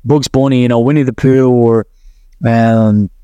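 A man who hosts a podcast and works as an NLP coach guides listeners through a visualization exercise, rambling and correcting himself along the way. His mid-range voice is warm, clean and steady, a little slow, in a dry but muffled recording.

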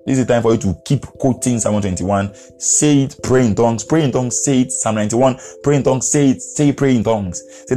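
A man's voice: medium pitch, fast, hardly any pauses, mellow, faint music behind. A man from Nigeria preaching a podcast sermon in an earnest, repetitive way, chuckling now and then.

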